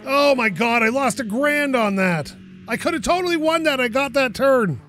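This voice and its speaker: A gaming channel host commentates his own let's play in a high voice that swings widely in pitch, at normal speed. Animated, he talks to himself and swears when a moment goes wrong. Faint game sounds play behind him, along with a little hiss or hum.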